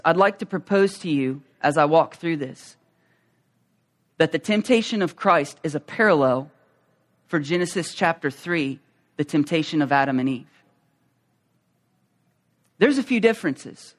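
A man delivers a sermon in a high voice. He talks in a conversational way, with fillers and restarts, then builds to loud, emphatic preaching.

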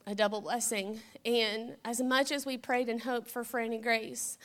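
A woman's voice: fairly high pitch, steady tone, unhurried, a bit bright. A woman giving an emotional church testimony, laughing through tears.

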